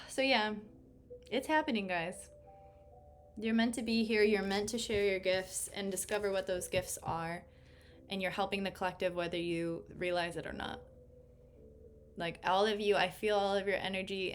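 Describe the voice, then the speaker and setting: A woman's voice: mid-range voice, slight background noise. A woman giving a casual tarot reading, bubbly and effusive, laughing often. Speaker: tarot reader.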